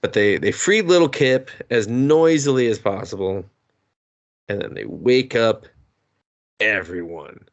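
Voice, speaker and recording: A man co-hosting a movie podcast, talking in a casual, profane recap. His pitch sits a little low but swings widely as he acts out characters' lines in bursts. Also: a little slow. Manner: animated, swears freely, acts out characters' lines. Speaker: podcast co-host.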